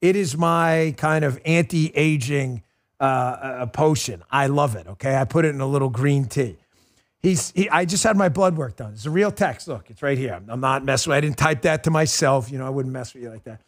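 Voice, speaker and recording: A middle-aged man hosting a political talk show, ranting in a mocking, animated way and slipping into sarcastic impressions. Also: medium pitch, normal speed. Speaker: show host.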